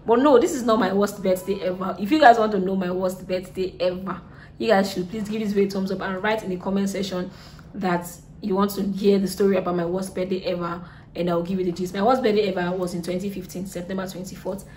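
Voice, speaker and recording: A young woman with a Nigerian accent telling a storytime vlog, chatty, repeating herself and drifting soft and subdued. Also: medium pitch, fairly even intonation, fast talker, slight background noise. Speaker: vlogger.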